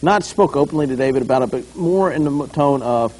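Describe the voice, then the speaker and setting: A man's voice: mid-range voice, a little fast. A man preaching a conversational sermon as a pastor, acting out scenes along the way. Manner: animated, conversational, acts out scenes.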